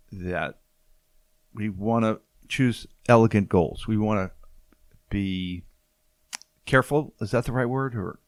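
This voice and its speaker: A man with a Boston accent, speaking low and unhurried in a casual podcast chat. He reflects out loud and sums up ideas, laughing easily. The sound is close and dry. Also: no room sound. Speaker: podcast host.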